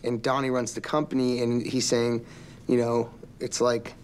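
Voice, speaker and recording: Relaxed man telling stories. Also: medium pitch, normal speed, a little hiss or hum. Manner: relaxed storytelling with frequent ums. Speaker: actor guest. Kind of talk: interview anecdotes.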